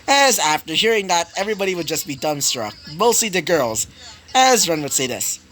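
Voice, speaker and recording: A man's voice: a little high, big pitch swings, normal speed, fairly bright tone, soft background music. A man improvising a fan fiction story aloud, rambling with many fillers and self-corrections. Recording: noisy home recording.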